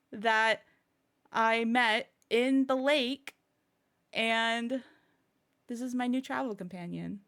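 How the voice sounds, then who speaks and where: A woman's voice: on the high side, fairly bright tone. A woman streamer chatting casually to her viewers, bubbly and rambling, often breaking into giggles. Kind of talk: casual live-stream chat.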